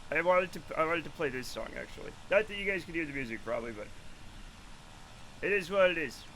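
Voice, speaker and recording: A man's voice: fairly high pitch, expressive, quick pace, a bit bright, slight background noise, rough recording. A man in his late forties chatting casually on a live stream, rambling, profane and self-mocking. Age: late 40s.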